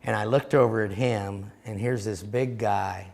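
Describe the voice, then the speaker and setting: A man delivers a storytelling sermon in a low, gravelly voice. He is emphatic and direct, like a seminar teacher speaking plainly to his listeners. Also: steady tone, a little slow, a little mellow. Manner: recounts dialogue, emphatic and direct.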